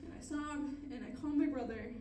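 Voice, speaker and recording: A high-pitched young woman performs stand-up, telling long self-deprecating stories in a mellow, soft-edged tone. She laughs at her own lines as she goes. Her voice sounds distant and echoey, as if picked up from across the room. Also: brisk, slight background noise. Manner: rambling, self-deprecating storytelling with frequent laughs. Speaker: stand-up comedian. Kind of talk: stand-up comedy set.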